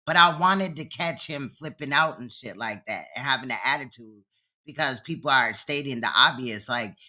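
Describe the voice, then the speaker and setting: A man's voice: mid-range voice, moderate pace, pushed and bright. A man hosting a reaction stream, sassy, mocking and profane. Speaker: commentary channel host. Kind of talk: reaction commentary.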